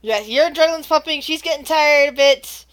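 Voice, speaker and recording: Woman, high voice, sharp bright tone, excitable game master, laughing, tripping over words. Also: brisk. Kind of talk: narrating a tabletop game.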